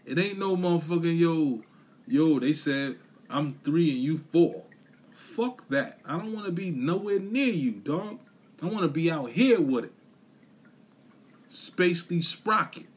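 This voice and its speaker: A man's voice: fairly high pitch, animated, measured pace, husky. A man on a podcast giving a blunt, profane, repetitive motivational rant, full of slang. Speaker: podcast host.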